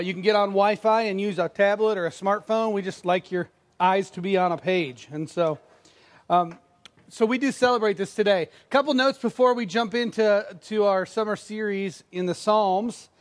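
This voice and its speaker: High-voiced pastor, conversational sermon. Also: male voice, normal speed. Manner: conversational, self-deprecating, acts out quoted lines.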